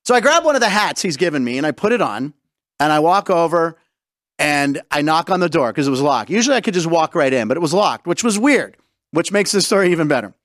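Lively high-voiced male radio host. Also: fast, dry recording, studio quality. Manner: animated storyteller acting out quotes. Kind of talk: radio sports and comedy talk.

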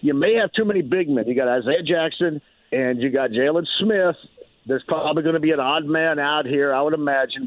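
A man calling in as a sports analyst, giving measured, analytical basketball talk over a phone line. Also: a little high, no room sound.

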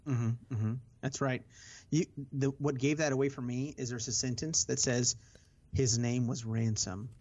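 A man's voice: medium pitch, steady tone, normal speed, darkish tone. A man co-hosting a casual book discussion podcast, thinking aloud with many hesitations and fillers. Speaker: podcast co-host. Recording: slightly dull lo-fi audio.

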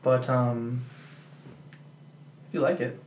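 A man's voice: medium pitch, fairly even intonation, slow, darkish tone. A chatty, playful man hosting a casual podcast interview and laughing easily. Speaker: podcast host. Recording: echoey room with faint hiss.

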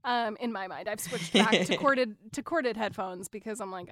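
A woman's voice: medium pitch, normal speed, a bit bright, no room sound, clean studio sound. A woman co-hosting a casual TV recap podcast, talking frankly, swearing casually and laughing often. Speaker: podcast co-host.

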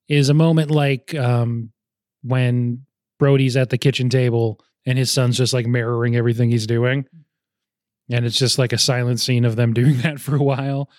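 A man's voice: mid-range voice, darkish tone, no echo, studio quality. A young man in casual film talk with friends, rambling and often laughing as he goes.

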